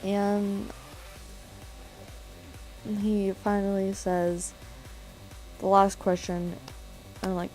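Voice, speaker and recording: A teenage girl from California telling a story in an animated, excitable way on a casual vlog. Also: mid-range voice, slow pace, pauses often, faint music behind, poor audio.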